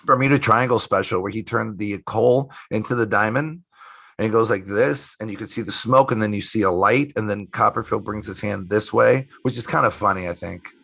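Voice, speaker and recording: A middle-aged man, a magician guest in a casual interview, telling animated stories, acting out the people he quotes and swearing casually. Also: fairly low pitch, creaky.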